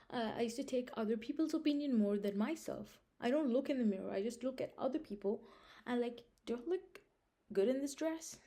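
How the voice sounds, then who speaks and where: With a warm voice that sits high, a young woman offers casual life advice to the camera. Her delivery is emphatic and repetitive, punctuated by the check-in question "Understand?"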